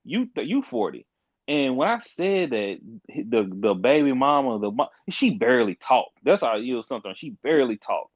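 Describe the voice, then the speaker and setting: A man's voice: medium pitch, animated, no room sound. Brief: young man, podcast guest, frank emphatic storyteller, muffled dry recording. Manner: frank, emphatic, fast restarts. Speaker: podcast guest, court caseworker. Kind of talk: animated casual storytelling.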